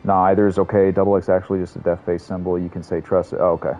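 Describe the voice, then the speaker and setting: Low-voiced profane gaming streamer. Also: male voice, flat delivery, rapid-fire, darkish tone, faint music behind, rough recording. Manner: profane, rambling, self-mocking. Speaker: streamer playing a game. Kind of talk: casual gameplay chat.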